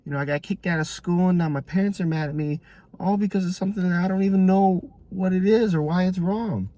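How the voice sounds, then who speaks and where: A man puts on a worried young schoolboy whose voice climbs high and thin as he complains. He sounds plaintive and confused, spoken dry and close to the mic. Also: big pitch swings, fairly quick, a little mellow, husky, no echo. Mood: pleading. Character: upset, bewildered young schoolboy.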